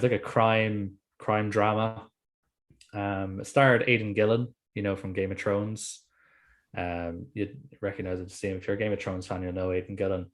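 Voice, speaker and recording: A young man co-hosting a film podcast, telling stories in a lively, swearing, casual way. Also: fairly low pitch. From Ireland. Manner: animated, swears freely, tells stories. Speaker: podcast co-host.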